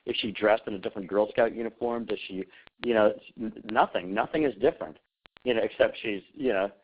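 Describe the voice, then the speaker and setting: A man's voice: lowish voice, fairly quick. Man, earnest coach, emphatic, tinny phone sound, faint hiss. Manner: earnest, emphatic, repeats phrases. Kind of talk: casual coaching on a group call. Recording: tinny phone-line audio with faint noise.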